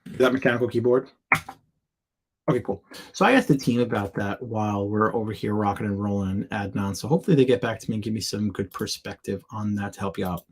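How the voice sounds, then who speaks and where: Sharing his screen from a Florida home or office, a US man answers seller questions on a live stream, chatty and playful and coining invented words. He speaks fast in a lowish voice with fairly even intonation and a breathy edge.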